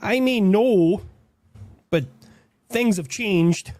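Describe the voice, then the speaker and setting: A man's voice: high voice, extremely slow, darkish tone, no room sound, pitched above the performer's own voice. A man putting on a hesitant Canadian guy. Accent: put-on Canadian. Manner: hesitant, apologetic, filler-heavy. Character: hesitant polite Canadian man, a country personified.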